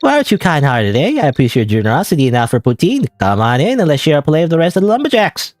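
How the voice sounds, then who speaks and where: A man voicing a folksy, friendly Canadian lumberjack woman in a put-on Canadian accent, reading a game character's lines aloud with hearty homespun warmth. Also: fairly high pitch, huge pitch swings, racing, voice pushed up.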